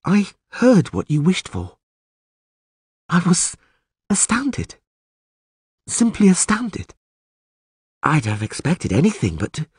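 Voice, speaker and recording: An imperious sorceress, cold and tempting, presses her questions in a hissing, insistent tone, put on by a male storybook reader. The voice sits well above his own and stays husky. The reading is close and dry. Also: on the high side, very animated, normal speed, few pauses, darkish tone, no room sound, voice pushed up, full character voice. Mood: astonished.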